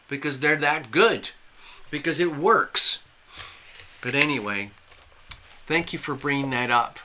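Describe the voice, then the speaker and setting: Man, livestream host; rambling and opinionated, somewhat high, very bright and forceful voice, answers chat as he goes. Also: a little hiss or hum. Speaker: livestream tarot reader. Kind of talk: casual live-stream monologue.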